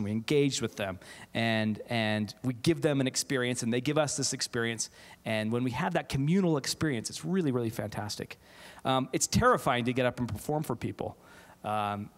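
A man, a theatre teacher, giving an animated keynote talk to a live audience, often laughing and restarting his sentences. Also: medium pitch. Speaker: keynote speaker, theatre faculty member. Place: large auditorium, live audience. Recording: auditorium with long reverb.

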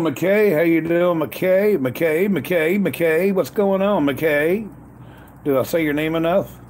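A man hosts a casual livestream outdoors at a grill in cold weather, greeting chat viewers by name again and again with upbeat, repeated catchphrases. His voice is a little high and a little mellow, with a faint hiss or hum.

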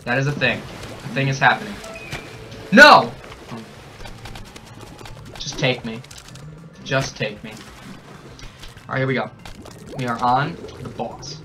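A young man hyped up on energy drinks, narrating his gameplay, yelling and cackling at every death and win. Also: medium pitch, normal speed, long pauses, faint music behind. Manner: excitable, shouts and cackles at the game. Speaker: gaming channel host. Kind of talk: hyper gameplay commentary. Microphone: desk mic with a camera nearby.

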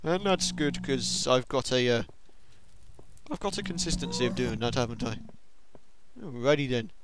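A young man giving excitable let's-play commentary on a game, talking to himself and to the monsters. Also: medium pitch, moderate pace, background noise. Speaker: gaming video host.

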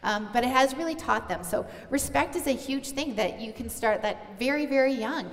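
A woman's voice: high-pitched, moderate pace. Earnest middle-aged woman in a reverberant church. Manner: earnest, heartfelt, addressing moms directly. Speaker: pastor's wife sharing on stage. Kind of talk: conversational sermon. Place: church auditorium. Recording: long church hall reverb.

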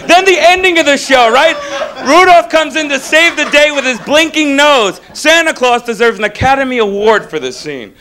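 A young man doing a stand-up comedy set on stage, animated and mocking, slipping into character voices. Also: extremely high pitch, normal speed. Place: comedy club stage before a live audience. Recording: live club recording with audience laughter.

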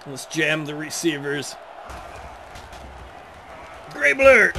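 A man playing a football video game and joking crudely and excitably as he comments on the action. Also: fairly high pitch, normal speed, crowd noise, noisy background. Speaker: Let's Play gamer. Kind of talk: casual gameplay commentary.

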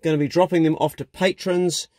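A man's voice: on the high side, fairly even intonation, brisk, darkish tone, dry recording. A man in his forties with a New Zealand accent, chatting casually as he vlogs a road trip and talks fondly to his dogs, recorded on a handheld camera in a truck and outdoors by the road. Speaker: vlogger.

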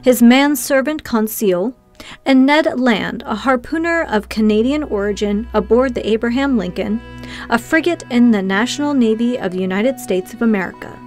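A woman reads a commanding, aloof sea captain in an audiobook, his calm and penetrating words set out with crisp precision. The voice sits a little high and slow, with faint music underneath. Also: natural voice. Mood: calm, measured. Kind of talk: audiobook character reading.

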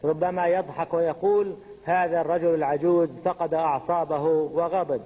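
A man interpreting a religious lecture for an audience, keeping a quick, steady flow behind the speaker. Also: fairly high pitch, husky. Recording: tinny phone-like audio in a long-reverb hall.

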